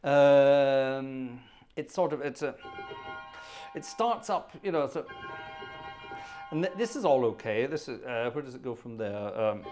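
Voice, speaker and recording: A man's voice: medium pitch, expressive, a little slow, pauses often. A man hosting a live organ music stream, chatting casually and rambling between tunes, humming melodies aloud and reading viewer requests.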